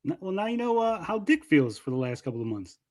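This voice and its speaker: A man's voice: high voice, sing-song, fast talker, a little mellow. A man calling into a podcast, casual and argumentative, persistently pushing his ideas. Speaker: call-in guest.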